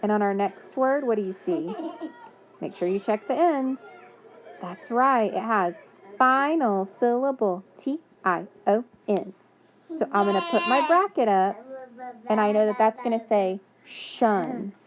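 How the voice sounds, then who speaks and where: Slow, patient woman teaching phonics. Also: medium pitch, lively intonation. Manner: patient, encouraging, sounds out words slowly. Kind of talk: phonics lesson for young children.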